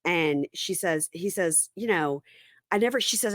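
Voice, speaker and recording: Lowish woman podcaster, acts out quotes while recapping, dry close sound. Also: moderate pace, no echo. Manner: animated retelling, acting out quotes. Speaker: podcast co-host recapping reality TV. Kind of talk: casual chat.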